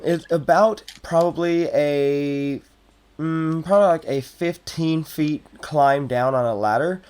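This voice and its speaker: A man narrating as game master of a tabletop game, in a relaxed, rambling way. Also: medium pitch.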